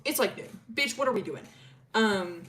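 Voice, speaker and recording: A woman's voice: medium pitch, animated, moderate pace, a bit bright. A young woman streamer casually telling a story, crude and chatty, often laughing. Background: faint music.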